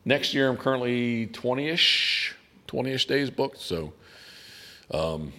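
A man's voice: medium pitch, lively intonation, slow pace, bright, forceful tone. A man hosting a podcast in loose, rambling casual chat, often restarting his sentences. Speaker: podcast host and hunting guide.

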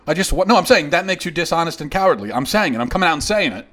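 A man's voice: fairly high pitch, very animated, racing, a bit bright. A man hosting a show, delivering a heated, sarcastic opinion monologue in reply to a critic. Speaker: host.

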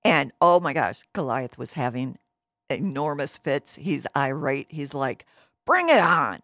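A woman telling a Bible story in an animated, casual way, with many fillers. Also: very deep voice, measured pace, dry recording, studio quality. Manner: lively, with many fillers and restarts.

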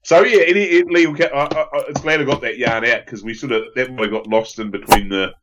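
A man's voice: mid-range voice, fast talker, dull audio, noisy background. An Australian man telling a rambling story on a casual sports podcast, laughing now and then. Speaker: podcast co-host.

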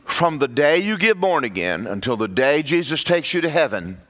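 A man preaching a sermon in a church, animated and acting out voices of churchgoers. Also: on the high side, normal speed. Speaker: pastor.

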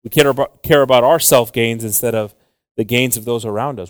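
A pastor preaches and leads prayer, moving between English and Spanish and pleading with "Lord" and "Jesus" over and over. His mid-range voice is fairly quick, captured in a dry, studio-quality recording.

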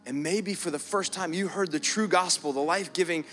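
A man's voice: high voice, brisk, faint music behind. A man preaching a sermon as pastor in a church, earnest, often repeating words and stretching them out for emphasis. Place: church hall. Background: soft keys playing.

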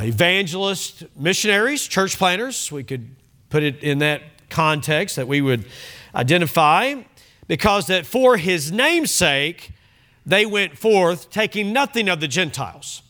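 A man's voice: a little high, sharp tone. A man pastor preaching a sermon, emphatic and fond of repeating key phrases.

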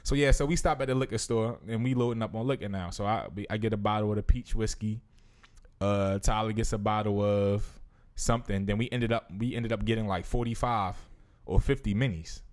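A man's voice: on the low side, fairly even intonation, brisk. A young man co-hosting a podcast, talking in a laid-back, slangy storytelling way. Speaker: podcast co-host. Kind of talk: casual storytelling chat.

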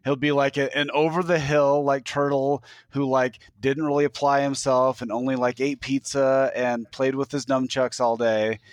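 A man's voice: medium pitch, flat delivery, normal speed, few pauses, no room sound. A man co-hosting a casual podcast, talking in a rambling way with many restarts. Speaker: podcast co-host.

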